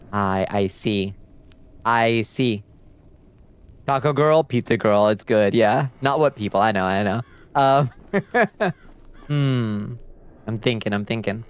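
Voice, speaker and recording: A man chatting casually and swearing often while livestreaming a game, reacting loudly and talking to his chat. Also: lowish voice, smooth. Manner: profane, excitable, chatty with chat. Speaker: streamer.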